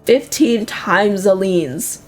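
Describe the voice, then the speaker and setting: A woman voicing an ancient talking wall in a video game, giving short, flat answers in a hoarse voice. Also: mid-range voice, very slow, faint music behind.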